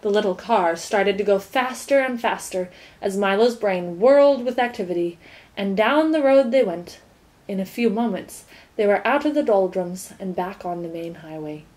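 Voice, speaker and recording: A woman narrating a children's novel aloud in a measured, expressive reading voice. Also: mid-range voice. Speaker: audiobook reader. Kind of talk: storybook narration.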